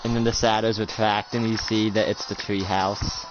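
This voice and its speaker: A man's voice: lowish voice, flat delivery, moderate pace. A young man narrating a casual game roleplay, rambling with lots of fillers. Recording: lo-fi recording with music behind.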